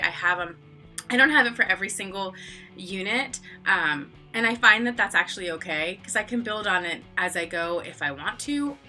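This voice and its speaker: A woman in her thirties, an online English teacher, chatting casually on camera in a filler-heavy way and acting out classroom moments. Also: bright, forceful tone. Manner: chatty, filler-heavy, acts out classroom exchanges in high playful voices. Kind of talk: casual vlog explanation.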